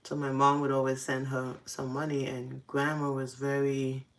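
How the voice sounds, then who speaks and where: Low-voiced woman telling stories with laughs. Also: moderate pace. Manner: laughs often, confessional and animated. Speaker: host. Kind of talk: casual storytelling.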